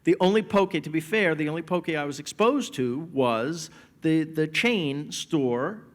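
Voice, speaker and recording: A man's voice: a little high, unhurried. An older man telling family stories as a guest at a live stage interview, acting out voices as he goes. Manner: animated storyteller, acts out family voices. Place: stage in a large hall. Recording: reverberant hall.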